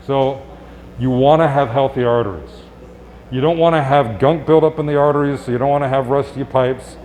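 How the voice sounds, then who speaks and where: A male doctor giving a live presentation to an audience, speaking conversationally with quick asides and rhetorical questions. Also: medium pitch, darkish tone. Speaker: physician giving a health talk. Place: public event space.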